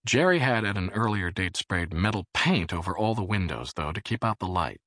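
A man reading an audiobook in a measured, expressive way. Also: deep voice, no room sound, studio quality. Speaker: audiobook narrator. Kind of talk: scripted audiobook narration.

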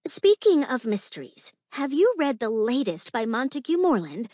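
A woman's voice: fairly high pitch, very animated, moderate pace, dark tone, no echo, studio quality, voice pushed up. A woman voicing a giggly young society lady who gushes about books in an audiobook. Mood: gushing. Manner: breathless, gushing. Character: giggly young lady dressed as princess, gushing.

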